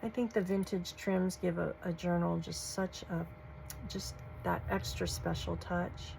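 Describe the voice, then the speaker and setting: Woman crafting host, low and flat, gravelly, leisurely and gushing. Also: unhurried, a little hiss or hum, low-quality recording. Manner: gushing, soft-spoken, folksy. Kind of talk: casual show-and-tell vlog.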